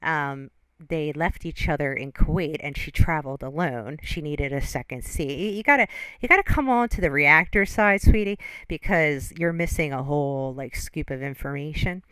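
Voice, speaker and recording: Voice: medium pitch, moderate pace, pushed and bright, smooth, no room sound. A reaction channel host giving casual, judgmental commentary on a video and reading chat comments aloud.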